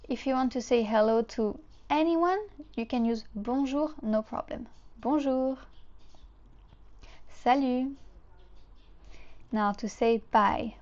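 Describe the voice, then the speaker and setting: Woman, children's teacher, very slow, patient, repeats words, dull recording. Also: on the high side, a little mellow. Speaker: French teacher. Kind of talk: slow, clear lesson for children.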